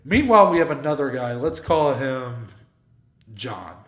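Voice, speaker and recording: A man in the middle of a podcast telling a rambling story, swearing often and slipping into other people's voices as he quotes them. His voice sits at an ordinary pitch. The recording carries a noticeable room echo. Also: a little slow. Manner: animated storyteller, swears freely, acts out quotes. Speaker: podcast co-host. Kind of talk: casual storytelling chat.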